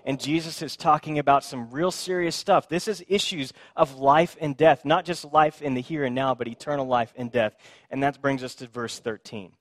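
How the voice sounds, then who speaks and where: A man's voice: mid-range voice, fairly even intonation, moderate pace, no room sound, clean studio sound. A male pastor giving a conversational sermon with playful asides. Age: young adult or middle-aged.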